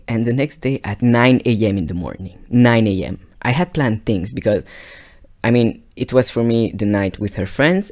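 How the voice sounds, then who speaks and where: A man casually telling a long personal story, rambling and repeating himself, sometimes dropping to a hushed near-whisper. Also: on the low side.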